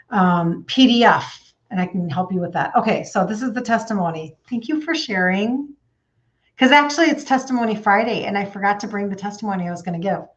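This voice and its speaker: A woman in her fifties, a health coach, chats casually on a live stream and reads out viewer comments, using lots of fillers. Her voice is mid-range, and the recording is muffled.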